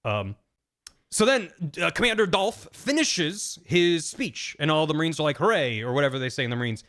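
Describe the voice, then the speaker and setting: A man streaming with friends, his voice sitting a little higher than most men's. He retells a game's plot in a loose, rambling way. He keeps breaking into quick, jokey character voices. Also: very animated, a bit bright. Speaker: streamer explaining game plots. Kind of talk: casual chat with friends.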